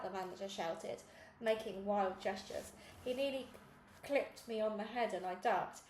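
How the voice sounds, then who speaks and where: A woman reading a children's novel aloud in a lively storytelling manner. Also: mid-range voice, a little slow, reverberant, slight background noise, rough recording. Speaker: reader.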